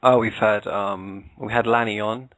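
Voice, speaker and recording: A man's voice: lowish voice, fairly even intonation, measured pace, a bit bright, no room sound, rough recording. A British man, a podcast co-host, chatting casually as an interview guest, hesitant with many fillers and restarts. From England.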